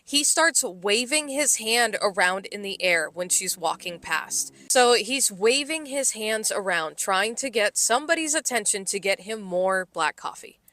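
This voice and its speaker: Bright-voiced woman venting with profanity. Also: medium pitch, lively intonation, moderate pace, few pauses, no room sound. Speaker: podcast co-host. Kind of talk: casual storytelling chat.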